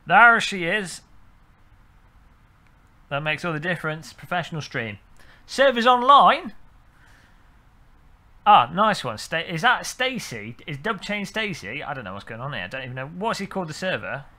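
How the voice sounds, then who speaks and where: Animated, bright-voiced streamer man. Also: fairly high pitch, moderate pace, pauses often. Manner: chatty, jokey, talks to chat while setting up. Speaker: sim racing streamer. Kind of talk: casual live-stream chat.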